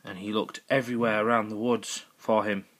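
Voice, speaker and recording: A man's voice: fairly low pitch, level tone, a little fast, fairly bright tone. A man improvising a goofy, rambling comic story as narrator, correcting himself as he goes.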